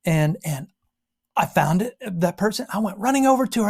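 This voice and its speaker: A woman's voice: mid-range voice, normal speed, slightly rough. An American woman from Western Pennsylvania giving an informal Bible exposition, telling stories with frequent asides. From Western Pennsylvania, USA. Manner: animated storytelling with frequent asides. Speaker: Bible teacher.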